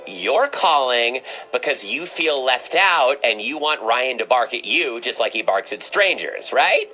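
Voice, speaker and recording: A man hosting a comic call-in, his voice leaping all over the place as he teases his caller. He sounds bright and forward, stumbling over playful restarts and slipping into a mock-mystical pet-psychic act. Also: mid-range voice, very animated, a little slow, soft background music, poor audio. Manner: playful, teasing, stammering restarts. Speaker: call-in show host. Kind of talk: comedic call-in chat.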